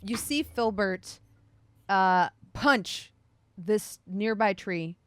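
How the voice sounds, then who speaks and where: A young woman running a tabletop role-playing game as game master, relaxed and chatty, laughing often. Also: mid-range voice, extremely slow, smooth, no room sound, clean studio sound.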